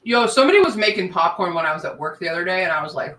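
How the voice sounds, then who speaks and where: A woman's voice: lowish voice, expressive, rapid-fire, fairly bright tone, recorded from a distance. A woman co-hosting a live stream, chatting casually and joking around. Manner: playful, joking. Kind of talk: casual chat.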